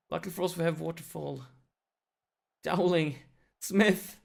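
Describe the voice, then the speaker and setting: A man narrating his football management game, swinging from quiet muttering to shrieking excitement. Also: fairly high pitch, a little slow, creaky. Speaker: let's play gamer. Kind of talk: excitable live game commentary.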